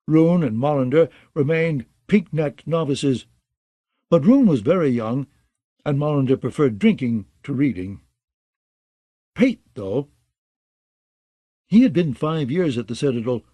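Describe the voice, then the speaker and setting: A man narrating a fantasy audiobook in a steady, even reading style. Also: a little high, dry recording.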